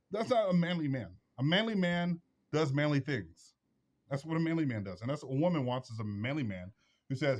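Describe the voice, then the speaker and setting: A man's voice: a little high, expressive, a little fast. A man hosting a vlog, giving blunt advice in a preachy, repetitive, emphatic monologue. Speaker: vlog host.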